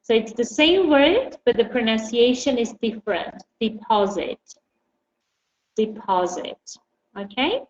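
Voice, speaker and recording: A woman's voice: on the high side, lively intonation, moderate pace, few pauses. A woman teaching an English lesson, patiently calling on students by name. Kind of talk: online language lesson. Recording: echoey, dull, lightly noisy.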